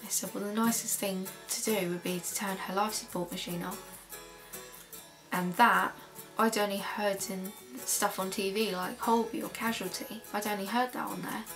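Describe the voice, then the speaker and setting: A young woman, a student filmmaker, quietly recalling events in a personal documentary interview. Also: mid-range voice, fairly even intonation, moderate pace, music in the background. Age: young adult. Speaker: filmmaker recalling her mother's illness.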